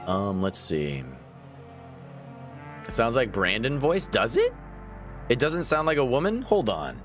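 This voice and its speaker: Goofy streamer guy, sore throat, slow lively chatter. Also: mid-range voice, over music. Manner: playful, laughing, chatting to viewers. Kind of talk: casual gameplay commentary.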